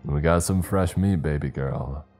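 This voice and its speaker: A man's voice: extremely low pitch, unhurried, a little mellow, soft background music. A man voicing a cruel male captor with an Australian accent, speaking in a sneering, threatening way. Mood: menacing.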